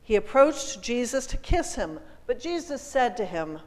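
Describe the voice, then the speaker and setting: A woman reading scripture aloud as the lector at a service, slow and deliberate. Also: on the high side, sing-song, big-room sound, low-quality recording.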